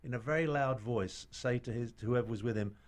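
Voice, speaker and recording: A man's voice: mid-range voice, fairly quick. A middle-aged British man, an actor guest, telling stories in casual chat with many restarts and fillers. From Britain.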